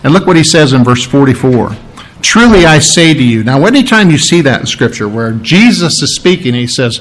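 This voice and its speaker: Halting, folksy male preacher. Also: on the high side, big pitch swings, fairly bright tone, low-quality recording. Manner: halting, repeats words, clears his throat often; plain-spoken, folksy. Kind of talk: sermon teaching.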